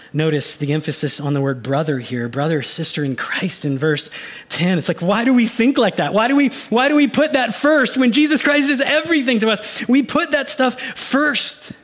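A male pastor delivering a sermon in a somewhat high voice. He preaches with animation and now and then slips into mock inner voices to make his point. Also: normal speed, fairly bright tone.

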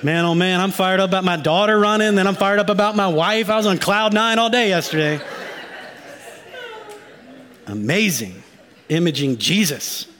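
A man preaching a sermon as pastor, emphatic and animated, mixing casual slang asides into the teaching and dropping to a hushed, grave tone for dark passages. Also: sits high, moderate pace, pauses often.

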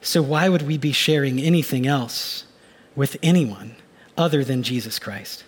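A man preaching a sermon as a pastor, animated and given to acting out little mock inner voices. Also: medium pitch, unhurried, husky.

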